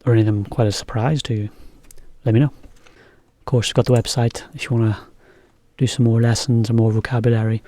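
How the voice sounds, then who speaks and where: Brief: male English teacher, casual chatty lesson, mellow tone, mid pitch, dry sound. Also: fast, no room sound. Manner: relaxed, chatty, explains as he goes.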